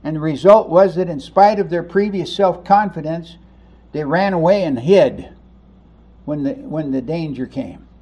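A man preaching a sermon, animated, acting out the voices of people in the story as he teaches. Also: on the high side, measured pace. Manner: animated, acts out voices of the crowd and disciples. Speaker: pastor.

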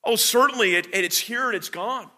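A man preaching a sermon, earnest and halting, with many fillers and restarts. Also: high-pitched, pushed and bright.

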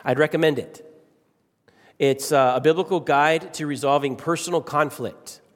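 A middle-aged male pastor preaching in a church sanctuary, his fairly high voice trailing off into a long hall reverb. He leans on repeated phrases and swings between slow, stressed lines and quick asides. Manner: emphatic, varies pace and volume, repeats key phrases. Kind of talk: sermon.

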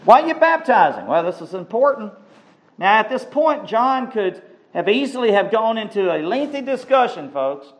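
A male preacher with a voice slightly higher than typical for a man delivers an animated sermon at a moderate pace. He speaks emphatically, repeating words and phrases for stress, and the audio quality is poor.

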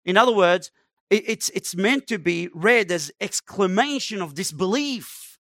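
Male preacher, high-pitched, emphatic sermon delivery, dry close recording. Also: lively intonation, measured pace, bright, forceful tone, dry recording. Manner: emphatic, dramatic preaching with acted-out quotes.

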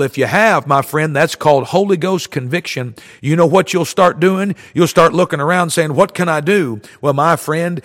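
A man's voice: on the high side, a bit bright, big-room sound. A man preaching a fervent sermon, repeating himself and dropping frequent amens.

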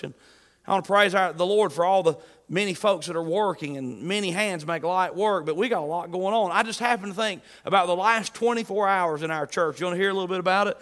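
A male pastor preaching with a high voice. He is folksy and joking, and builds to emphatic bursts. The sound rings out with the long reverb of a large hall. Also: a bit bright. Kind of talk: sermon.

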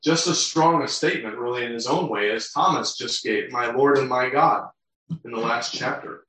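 Reading scripture and explaining each verse in turn, this male pastor speaks at a moderate pace in a bright, forceful, medium-pitched voice. The room is heavily reverberant and the microphone is distant.

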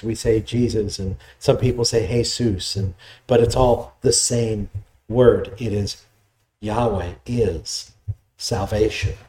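Mellow-voiced man preaching. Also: mid-range voice. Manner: explanatory, conversational preaching with restarts. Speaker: pastor. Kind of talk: sermon.

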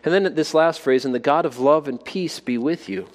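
A man's voice: fairly high pitch, normal speed, big-room sound. A man preaching a sermon, asking his listeners rhetorical questions and building to emphatic exhortations. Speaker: pastor.

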